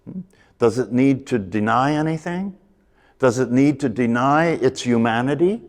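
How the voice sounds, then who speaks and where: A man gives a meditation talk at an ordinary pitch, circling back over his points and throwing questions to the class. His voice rings out in a room with a long reverb tail. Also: animated, moderate pace. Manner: repetitive, emphatic, asks rhetorical questions. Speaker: meditation teacher. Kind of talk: spoken meditation teaching.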